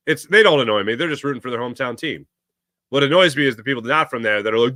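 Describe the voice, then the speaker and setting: A young man hosting a live sports talk show, his voice swinging up and down with lots of energy. His tone is bright and forceful as he rambles and reads out viewers' comments. The sound is close and dry, with no room echo. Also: mid-range voice, animated, fast talker. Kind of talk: casual live-stream chat.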